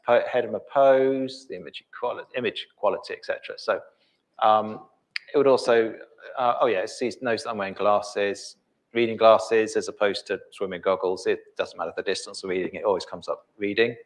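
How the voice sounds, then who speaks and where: A middle-aged man presenting a live software demo, thinking aloud with many ums and restarts. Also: on the low side, fairly even intonation, fairly quick.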